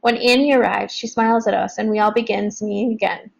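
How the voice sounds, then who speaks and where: A woman reading a novel aloud in first person, in plain, steady storytelling. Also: mid-range voice, a little fast, vocal fry, low-quality recording. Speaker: audiobook narrator.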